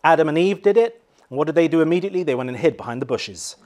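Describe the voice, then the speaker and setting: A male pastor with an English accent preaching a sermon, swinging from loud acted cries to quiet, low emphasis. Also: expressive, racing.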